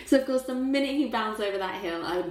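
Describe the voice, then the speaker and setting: A woman's voice: fairly high pitch, fast. A young adult woman in casual film chat, telling the story with big emotional swings and laughs. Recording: roomy echo.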